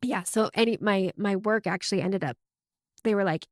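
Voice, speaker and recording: A woman's voice: medium pitch, moderate pace, no echo. Young woman podcaster telling her story, emotional, lots of likes, dry close mic. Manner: emotional, open, frequent "like" fillers. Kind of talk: candid personal storytelling.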